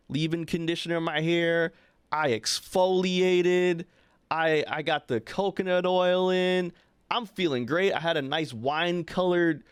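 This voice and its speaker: A young man, co-hosting a podcast and telling a long personal story in a loose, animated way, often checking in with his co-host. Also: a little high, smooth, dry recording, clean studio sound. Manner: animated, chatty, frequent "right?" asides to his co-host. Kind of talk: casual storytelling chat.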